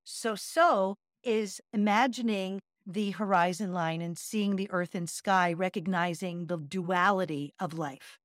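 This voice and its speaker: Speaking at a measured pace with hardly any pauses, this podcast co-host and yoga teacher has a lowish voice, captured in a dry, studio-quality recording. The middle-aged woman talks casually and earnestly, guiding a chanted breathing practice and laughing at herself.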